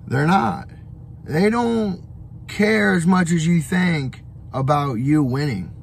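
A young man with a slightly high voice gives a loose, profane motivational rant on a travel vlog. He rambles, repeats himself and leans on fillers. A faint hum of noise sits behind him. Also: animated, takes it slowly, gravelly. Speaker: vlogger. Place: on the road, traveling.

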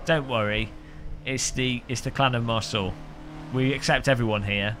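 A man streaming a racing game, joking and rambling with frequent laughs, a little hoarse after hours of talking. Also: medium pitch, fairly even intonation, normal speed, sharp tone. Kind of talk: live-stream gaming commentary. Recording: game car engine noise behind.

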